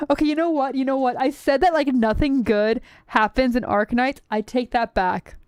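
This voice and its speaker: A woman's voice: high voice, moderate pace, hardly any pauses, darkish tone, smooth, no room sound, studio quality. A woman streaming a game, chatting casually with many "like" fillers. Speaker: streamer playing and reading a game aloud. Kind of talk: casual livestream chat.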